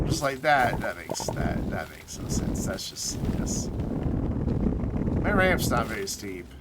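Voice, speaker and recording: A man's voice: on the high side, very noisy. A man chatting casually while he streams a game live, rambling and amused, with lots of fillers and restarts. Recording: loud game sound under the voice.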